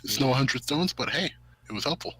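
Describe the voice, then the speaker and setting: A man's voice: mid-range voice, lively intonation, brisk, over a noisy crowd, rough recording. A young man co-hosting a casual gaming podcast, joking and quipping, his voice strained after cracking. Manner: jokey, quips and laughs. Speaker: podcast co-host.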